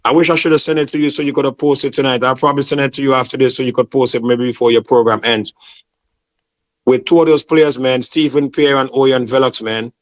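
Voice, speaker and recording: A man's voice: mid-range voice, steady tone, brisk. A man from Saint Vincent, talking passionately as an interview guest and repeating "man" and "bro". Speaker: football promoter, guest. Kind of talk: casual interview chat.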